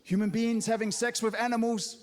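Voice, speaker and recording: A man's voice: very high-pitched, flat delivery, fairly quick, darkish tone, big-room sound. A New Zealand man in his thirties doing a stand-up set on a theatre stage, punchy, with mocking asides. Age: 30s. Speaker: stand-up comedian.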